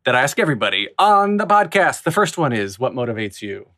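A man hosting a podcast, relaxed and joking as he chats with his guest. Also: mid-range voice, fast talker. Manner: relaxed, joking, asks set closing questions. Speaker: podcast host. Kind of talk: casual interview chat.

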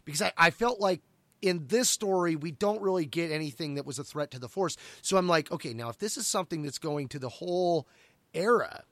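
A man's voice: a little high, expressive, a little fast, a bit bright, dry recording. A middle-aged man co-hosting a podcast, talking casually about books and often restarting his sentences. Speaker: podcast co-host. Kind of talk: casual book discussion.

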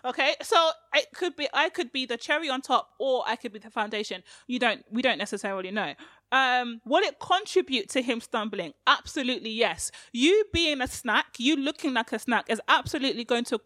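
Casting note: woman podcast co-host, somewhat high bright voice, candid slangy chat, dry close sound. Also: fairly quick, no room sound. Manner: animated, laughing, slangy and frank.

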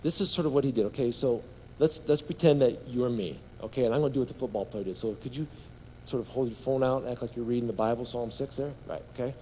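A man's voice: mid-range voice, quick pace, dark tone, a little hiss or hum. A man preaching a sermon as pastor, reading scripture aloud with building fervor and leading the congregation in call-and-response. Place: large hall or church. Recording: long hall reverb.

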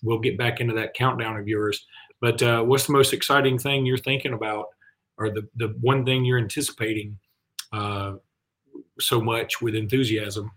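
A man's voice: mid-range voice, steady tone, normal speed, a bit bright. A man co-hosting a sports talk show in a loose, conversational way. His voice sits in an ordinary middle range, and he talks in a chatty, self-deprecating manner. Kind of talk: casual sports radio chat.

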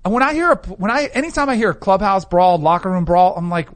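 A man's voice: sits high, animated, fast. A man hosting sports talk radio, casual and opinionated. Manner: chatty, opinionated.

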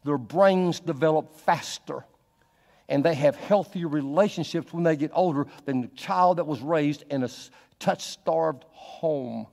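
A man preaches with a slightly raised pitch, his voice trailing off into a long hall reverb. He swings between quiet, intimate stretches and loud, emphatic bursts. It is a pastor's sermon from the pulpit. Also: unhurried, vocal fry.

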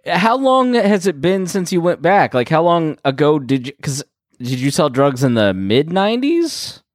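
A man's voice: fairly high pitch, very animated, moderate pace, no room sound, clean studio sound. A man co-hosting a podcast, laughing along and asking questions. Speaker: podcast co-host. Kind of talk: casual chat.

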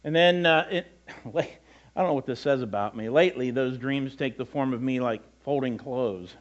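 A man's voice: mid-range voice, moderate pace, highs cut off. A middle-aged male pastor preaching a sermon in a conversational way, with self-deprecating asides and frequent repetitions.

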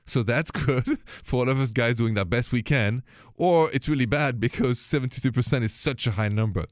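A man's voice: medium pitch, moderate pace, no echo, studio quality. A middle-aged man with a thick Parisian French accent, hosting a radio advice show in a chatty, playful way and slipping in French words. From France.

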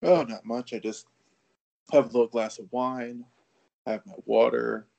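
A man's voice: mid-range voice, steady tone, measured pace, creaky, darkish tone, dull audio. A man on a sports podcast as a guest, easygoing and joking in casual chat.

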